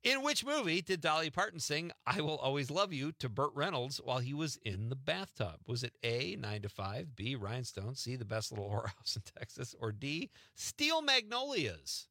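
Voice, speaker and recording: A male radio host chatting playfully and reading out quiz questions with frequent laughs. His voice is bright and swings through a lively pitch range. The studio sound is close and dry. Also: a little fast, creaky, few pauses, dry recording. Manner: playful, laughs often, quizzes his guest. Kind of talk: casual radio chat.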